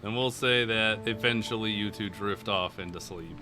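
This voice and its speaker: A man's voice: on the low side, normal speed. A young man narrating as game master of a tabletop game, casual and easygoing. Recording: voice chat with game music behind.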